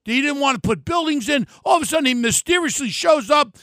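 An older man, hosting a podcast and delivering a loud, heated, combative political rant. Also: extremely high pitch, expressive, fast, no room sound. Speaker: podcast host.

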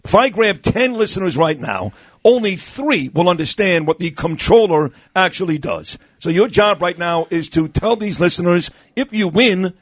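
Chatty New radio host. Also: male voice, high voice, expressive, normal speed, no echo. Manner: chatty, joking, down-to-earth. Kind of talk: casual radio talk.

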